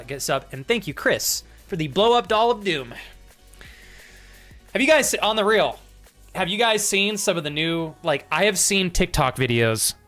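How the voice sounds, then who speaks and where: A man's voice: on the high side, fairly bright tone. A man with an American accent chatting to his live-stream audience, laughing often and swearing freely.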